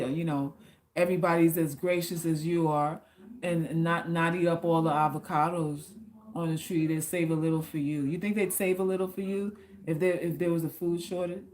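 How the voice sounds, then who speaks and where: A woman's voice: lowish voice, darkish tone. A woman hosting a casual live stream, reading viewer comments aloud and answering them in a blunt, teasing, slangy way, with some profanity. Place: South Florida.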